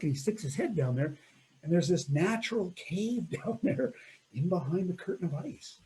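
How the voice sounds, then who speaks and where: A middle-aged man telling an animated story about a mountain climb, laughing often and acting out what people said. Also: mid-range voice, moderate pace, breathy edge, poor audio. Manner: animated, laughs often, acts out quoted voices. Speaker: mountaineer recounting a first ascent. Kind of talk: storytelling talk.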